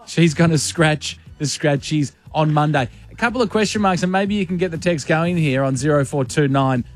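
A man's voice: fairly high pitch, moderate pace, faint music behind. A young adult man with an Australian accent co-hosting a radio show, playful and cheeky in his banter. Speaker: radio co-host.

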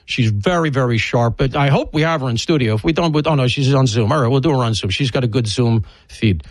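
A man's voice: medium pitch, fast talker, dry recording, rough recording. A man hosting a radio talk show, rambling bluntly through an opinionated monologue and previewing guests. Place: broadcast studio.

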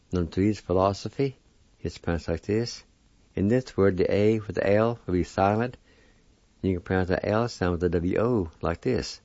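A man teaching a language lesson on a dull lo-fi recording, sounding out each syllable slowly and deliberately. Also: on the low side, mellow, no echo. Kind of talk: spelling and pronunciation lesson.

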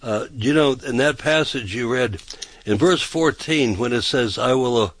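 This is a man, a pastor, giving conversational Bible teaching on a talk show. He rambles, repeats himself and keeps checking in with his listener. His voice is mid-pitched and sounds dry, with no room echo. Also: measured pace. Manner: rambling and repetitive, often checking with "okay?".

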